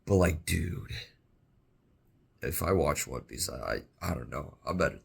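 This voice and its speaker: A young man giving casual reaction commentary, excitable and rambling, with slangy exclamations, recorded on an earbud mic. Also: very deep voice, unhurried, gravelly, slightly rough. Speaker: reaction video host. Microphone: wireless earbud mic.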